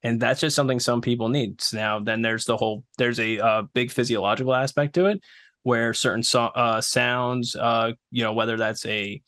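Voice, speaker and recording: A man guesting on a podcast, talking in a relaxed, explanatory way with plenty of fillers. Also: medium pitch, moderate pace, no echo, studio quality. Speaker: podcast guest, ASMR creator. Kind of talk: casual podcast chat.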